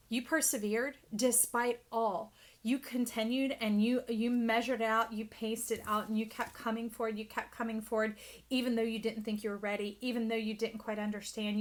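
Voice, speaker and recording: A woman giving an intuitive tarot reading, speaking effusively and emphatically straight to the listener, at times dropping into a hush. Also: a little high. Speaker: tarot reader.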